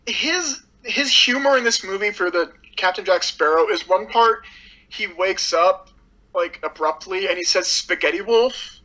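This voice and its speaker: A woman's voice: mid-range voice, lively intonation, a little slow, bright, forceful tone, lo-fi sound. A woman reviewing a movie in casual chat, blunt and sarcastic, with lots of "like".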